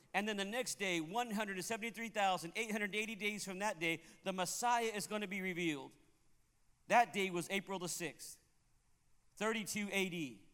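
A man preaching a sermon as pastor, speaking emphatically and rising to loud exclamations. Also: high-pitched, smooth. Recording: long hall reverb.

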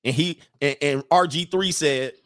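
A male host giving joking, animated reaction commentary and laughing often. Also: fairly high pitch, moderate pace, no room sound, clean studio sound.

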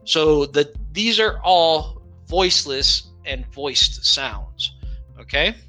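Slow, bright-voiced male English teacher. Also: fairly high pitch, expressive, soft background music. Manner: slow, patient, repeats example words. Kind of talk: explaining pronunciation.

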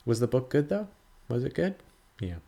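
A man's voice: mid-range voice, very animated, normal speed, gravelly, dark tone. A man hosting a podcast, chatting casually and rambling, swearing freely and acting out dialogue as he talks. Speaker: podcast host reviewing a film. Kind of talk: casual chat.

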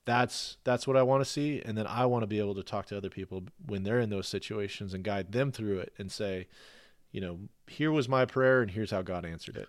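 A man's voice: lowish voice, brisk, no room sound, studio quality. Earnest man talking about faith. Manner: earnest, repeats words and restarts often. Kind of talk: casual faith conversation.

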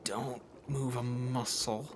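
A man's voice: mid-range voice, rapid-fire, noisy background, close to an everyday voice. A man voicing a tiny, stooped, older male lantern maker who is a fussy perfectionist and shushes people. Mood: hushed.

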